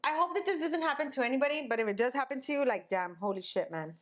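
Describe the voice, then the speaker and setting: A woman's voice: high voice, lively intonation, quick pace. A young woman co-hosting a podcast, telling a story in casual chat. She tells it dramatically and acts out the people she quotes. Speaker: podcast co-host.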